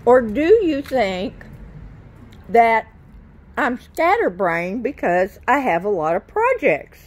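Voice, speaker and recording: A woman's voice: on the high side, sing-song, slow pace. Chatty woman gardening outdoors. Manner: chatty, scattered, talks to plants and viewers. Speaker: gardening vlogger. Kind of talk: casual chat to camera while gardening.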